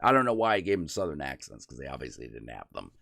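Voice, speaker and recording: A man's voice: extremely low pitch, big pitch swings, fast talker, gravelly, bright, forceful tone. A man hosting a stream, chatting casually and rambling, swearing constantly. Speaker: streamer host. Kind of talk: casual profane chat.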